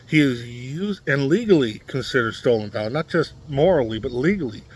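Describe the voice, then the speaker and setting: A man from Nebraska talks straight to his audience in a blunt, combative vlog rant. He stumbles through restarts and fillers, then slips into lecturing as he explains things. His voice sits at an ordinary middle pitch. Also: lively intonation, brisk, hardly any pauses, slightly rough. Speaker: political commentary vlogger. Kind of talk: casual opinion monologue to camera.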